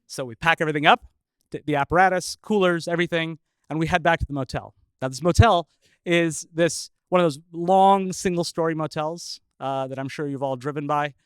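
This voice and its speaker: A man's voice: fairly high pitch, a little fast, clear, resonant tone, no echo. Guy telling his own story on stage, chuckles a lot, says uh a ton, dry close sound. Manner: chuckling, with frequent filler uhs. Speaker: storyteller, scientist. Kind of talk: live personal storytelling.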